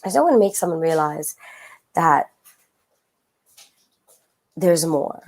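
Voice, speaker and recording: Lower-voiced woman rambling in podcast chat. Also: lively intonation, slow, darkish tone. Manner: rambling, many fillers and restarts. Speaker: podcast co-host. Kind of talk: casual spiritual chat.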